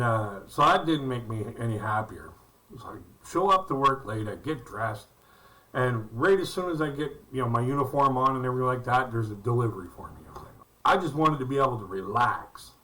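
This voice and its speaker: A man's voice: mid-range voice, bright, forceful tone, recorded from a distance, poor audio. Folksy man telling work stories. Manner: rambling, folksy anecdotes with acted-out quotes. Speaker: stand-up comedian. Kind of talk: storytelling stand-up routine.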